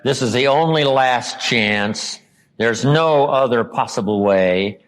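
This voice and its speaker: A man from the United States giving a motivational seminar talk, acting out quoted lines and dropping his voice low for emphasis. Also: takes it slowly. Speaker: motivational speaker.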